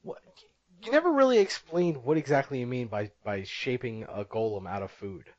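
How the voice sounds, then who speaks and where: A man's voice: mid-range voice, lively intonation, normal speed. A young man co-hosting a podcast in casual chat, teasing his friend and laughing often. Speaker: podcast co-host. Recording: dull lo-fi podcast audio.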